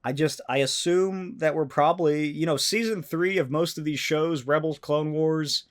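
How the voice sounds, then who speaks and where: A man hosting a solo podcast, talking casually and excitedly, with frequent swearing and animated rants. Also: on the high side, moderate pace. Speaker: podcast host.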